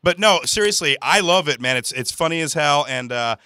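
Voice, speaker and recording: A man hosting a casual show, excitable and joking. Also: a little high, brisk, clean tone, no echo. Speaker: show host. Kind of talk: casual chat. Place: studio in Florida.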